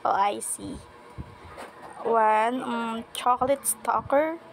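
A woman's voice: on the high side, takes it slowly, gravelly, rough recording. A woman reading a chatty dessert-shop server who rattles off a menu and halts on odd words. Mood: eager.

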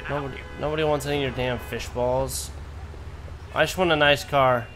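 A man's voice: medium pitch, fairly even intonation, moderate pace, long pauses, a bit bright, a little hiss or hum. A man hosting a let's play, giving joking, sarcastic commentary while swearing casually. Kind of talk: gameplay commentary. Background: game music.

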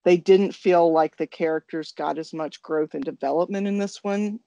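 A woman's voice: lowish voice, normal speed, gravelly, warm tone, no echo. A woman in her forties co-hosting a craft podcast, with dry teasing banter. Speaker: podcast co-host. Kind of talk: casual chat.

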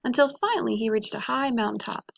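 A woman teacher reading a picture book aloud to children in a gentle, expressive storytelling voice. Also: on the high side, fairly quick, gravelly, lo-fi sound, a little hiss or hum.

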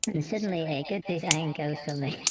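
Female co-host, low voice, relaxed, noticeable background noise on the line. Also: a little fast. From United Kingdom. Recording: noisy line.

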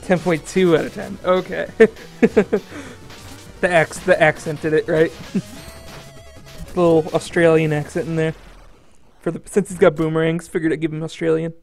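A man's voice: on the high side, little pitch movement, unhurried, creaky, pauses often, a little mellow, soft background music, low-quality recording. A man casually commenting on his own gameplay, laughing and self-amused. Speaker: gamer streaming a game.

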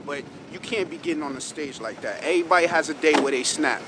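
An actor playing the comedian's defensive friend, who talks in street slang and shouts. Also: male voice, a little high, fast, very noisy, close to an everyday voice.

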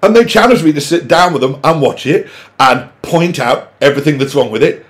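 A middle-aged man, talking to camera in an exasperated, sweary rant with sudden loud outbursts. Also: a little high, animated, a little fast. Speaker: vlogger. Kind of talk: opinionated monologue to camera.

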